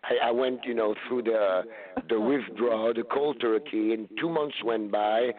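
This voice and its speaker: A man from France with a French accent, a bit hoarse from a blown-out voice, chatting in a relaxed, rambling way as a guest author. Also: mid-range voice, normal speed. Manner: relaxed, rambling, laughs often. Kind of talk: casual interview chat. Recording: tinny phone line.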